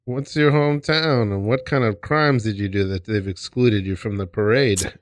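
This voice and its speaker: A man's voice: on the low side, moderate pace, slight background noise. A man hosting a casual podcast in a radio studio, cracking jokes and playing with wordplay. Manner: wisecracking, goofy wordplay. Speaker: podcast host.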